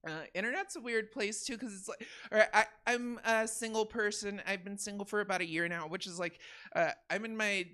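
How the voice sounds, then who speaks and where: A woman in her thirties doing a stand-up comedy set, swinging from quiet confiding asides to loud shouted punchlines. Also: mid-range voice, fairly even intonation, brisk. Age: 30s. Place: comedy theater stage.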